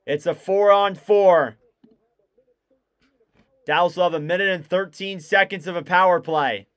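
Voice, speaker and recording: A man calling live hockey play-by-play on his stream, quick and excitable. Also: sits high, clear, resonant tone. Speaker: livestream commentator.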